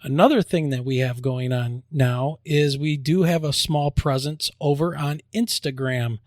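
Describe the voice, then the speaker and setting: A man hosting a podcast, joking around and spelling out web addresses slowly. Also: fairly high pitch, dry recording, clean studio sound. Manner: upbeat, jokey promo delivery, spells out web addresses slowly. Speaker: podcast host. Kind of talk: casual podcast chat and announcements.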